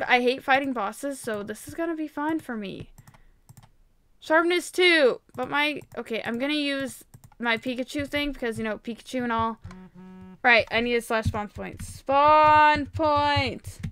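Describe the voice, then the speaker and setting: A young woman playing a game and commentating, excitable and quick to gasp and shriek. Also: high-pitched, clear, resonant tone. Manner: excitable, gasps and shrieks often. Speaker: gaming YouTuber. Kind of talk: Minecraft let's-play commentary.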